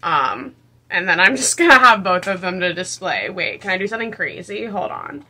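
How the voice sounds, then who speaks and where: A young woman in her twenties gushing excitedly while reacting to a movie, swearing and giggling often. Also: on the low side, moderate pace. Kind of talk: casual reaction vlog.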